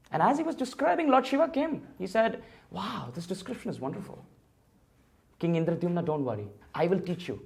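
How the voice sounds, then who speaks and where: A man giving a temple sermon, telling a sacred story and acting out the dialogue of its figures. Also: sits high. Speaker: temple speaker. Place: temple hall.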